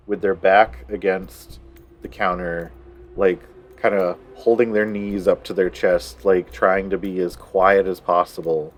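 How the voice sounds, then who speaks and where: Man game master, very deep, slow, hesitant fillers, soft music behind. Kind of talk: narrating a tabletop game.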